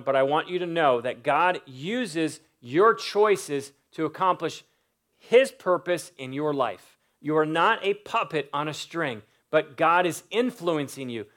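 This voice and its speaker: Male pastor, sermon delivery, emphatic, somewhat high-pitched. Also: a bit bright. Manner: emphatic preaching with lists and rising stresses.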